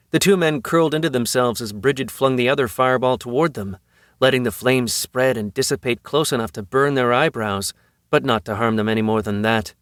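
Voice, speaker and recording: A man reading a fantasy novel as an audiobook narrator, in an even, measured storytelling manner. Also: mid-range voice, no room sound, studio quality. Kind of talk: scripted narration.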